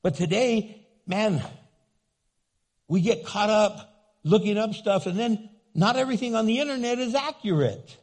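Older pastor, husky voice pitched high, jokey and animated preaching. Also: male voice, measured pace, long pauses. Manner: animated, humorous, acts out voices in quotes. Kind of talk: sermon.

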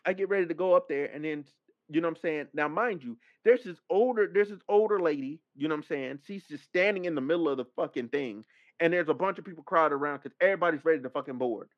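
A man hosting a podcast, telling a story as a casual rant, animated and profane, acting out the other people's lines. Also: on the high side, quick pace, no echo. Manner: animated, profane, acts out quoted dialogue. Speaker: podcast host. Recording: dull, dry lo-fi mic sound.

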